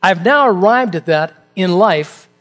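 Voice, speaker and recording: A man's voice: sits high, animated, unhurried, fairly bright tone. A middle-aged man preaching a sermon as pastor, talking conversationally with rhetorical questions and joking asides.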